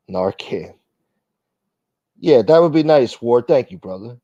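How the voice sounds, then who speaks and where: A man's voice: medium pitch, animated, a little slow, pauses often, warm tone, dry recording. A man hosting a casual livestream, reading viewer comments aloud in a blunt, profane, wisecracking way. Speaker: livestream host. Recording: dull, lo-fi dry sound.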